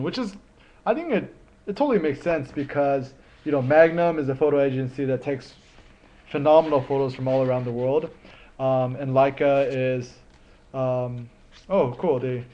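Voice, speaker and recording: A man's voice: mid-range voice, darkish tone. A young man in his twenties chatting casually in a vlog, rambling and enthusiastic with lots of ums as he goes through things. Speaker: photography vlogger. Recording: slightly dull lo-fi sound.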